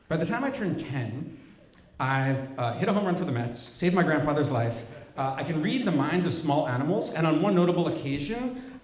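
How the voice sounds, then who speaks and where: A man telling a true personal story on stage, wry and vivid, with a self-mocking edge. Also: on the high side. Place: stage of a cultural center hall. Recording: roomy hall sound.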